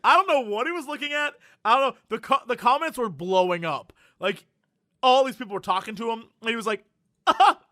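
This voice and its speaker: A man co-hosting a casual podcast, his voice sitting high and sounding bright and forceful. He tells stories animatedly and laughs often. The mic is close and dry, with no room sound. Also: fairly quick, no room sound. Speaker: podcast co-host. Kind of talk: casual chat.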